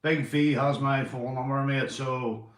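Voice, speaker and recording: A man's voice: mid-range voice, fairly even intonation, measured pace. Chatty Northern Irish man, echoey room. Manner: chatty and swearing, giving shout-outs to viewers. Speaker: live streamer. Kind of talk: casual live-stream chat. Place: indoors at home.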